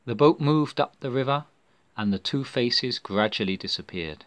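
A man reading a children's storybook aloud. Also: medium pitch. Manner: slow, expressive reading. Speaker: narrator. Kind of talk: storybook narration.

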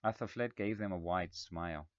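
A man narrating a story in a measured, even reading voice. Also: sits low, dry recording. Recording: slightly dull, dry recording.

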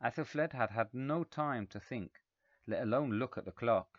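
A man narrating a story in a measured, even reading voice. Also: medium pitch, no room sound. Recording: slightly dull, dry recording.

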